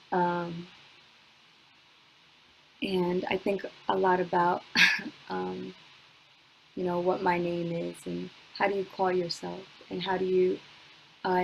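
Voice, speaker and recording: Young woman poet, spoken word reading, unhurried and level, computer mic on a video call. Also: fairly low pitch, creaky, slight background noise, rough recording. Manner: slow, measured delivery with long pauses, chatty with fillers between poems.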